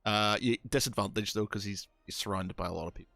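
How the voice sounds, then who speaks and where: A man's voice: fairly low pitch, fairly even intonation, quick pace, sharp tone, dry recording. A man narrating as game master of a tabletop game, hesitant and full of fillers.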